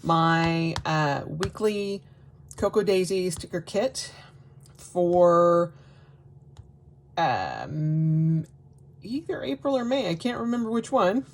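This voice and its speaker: Gushing slow-talking woman. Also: on the low side, slight background noise. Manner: gushing, excitable, many gasps and exclamations. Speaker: crafting vlogger. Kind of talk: casual unboxing vlog.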